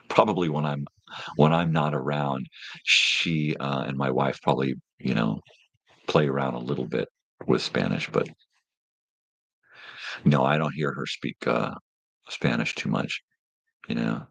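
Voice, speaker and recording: Very deep gravelly male voice, husky, dry close sound, middle-aged, rambling laid-back live-stream chat. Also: steady tone, unhurried, long pauses, a bit bright, no echo.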